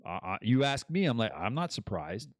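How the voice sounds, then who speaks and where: A man's voice: medium pitch, sing-song, moderate pace, no echo, studio quality. A man hosting his own podcast in a casual, rambling monologue that drifts between topics and laughs at his own jokes. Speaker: podcast host.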